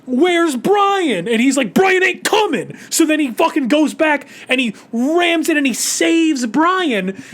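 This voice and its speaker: A YouTuber with a voice that sits high rants through a movie recap in a casual, rambling way. The talk is exasperated and profane, full of restarts, and shifts back and forth between muttering and loud outbursts.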